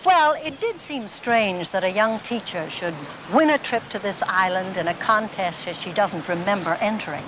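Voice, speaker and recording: An actress playing a shrewd, inquisitive woman sleuth who speaks in a crisp, firm, probing way, in a television drama. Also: medium pitch, animated, moderate pace, few pauses, lightly acted. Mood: deducing. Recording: noisy TV soundtrack.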